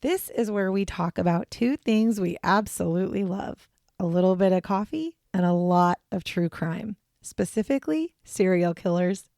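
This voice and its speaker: A woman's voice: medium pitch, moderate pace, gravelly, warm tone, dry recording, studio quality. A woman co-hosting a casual true crime podcast, chatting in a rambling way with fillers, recording in a small hotel room. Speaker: podcast co-host. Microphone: headphones and portable podcast setup.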